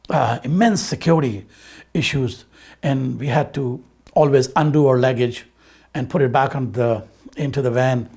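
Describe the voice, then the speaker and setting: A man's voice: medium pitch, darkish tone, breathy edge. A man in an interview recalling a trip with a friend, telling it as a story, trading quoted lines back and forth, a little emotional. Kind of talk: personal recollection in an interview.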